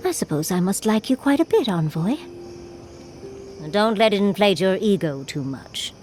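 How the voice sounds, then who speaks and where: A woman's voice: medium pitch, lively intonation, moderate pace, darkish tone, a little hiss or hum, lightly acted. An actress voicing a furred female adventurer companion in a video game, with a wry, teasing manner that tosses out darling and dear. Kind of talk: video game character dialogue.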